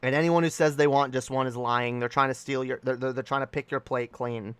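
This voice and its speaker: A male streamer giving a loud, profane comedic rant, repeating himself for emphasis. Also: medium pitch, steady tone, fairly quick, clear, resonant tone, dry recording.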